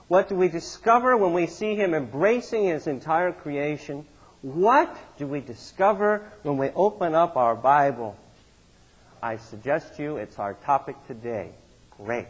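Middle-aged male pastor, slightly raised pitch, husky tone, dull lo-fi sound, storytelling sermon delivery. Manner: storytelling, animated swings in pitch and loudness.

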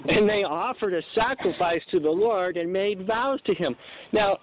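A man's voice: high voice, a little slow, a little hiss or hum. A man preaching a sermon, acting out the voices in the scripture he reads. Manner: animated, acts out voices in scripture. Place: church. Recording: dull lo-fi recording.

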